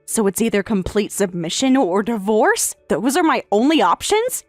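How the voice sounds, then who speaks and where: A computer-generated woman's voice, medium in pitch with big swings and a slightly mellow quality, reads a story at a moderate pace. She voices a tired young wife who defiantly gives firm, pointed answers, over a dry recording with faint music behind.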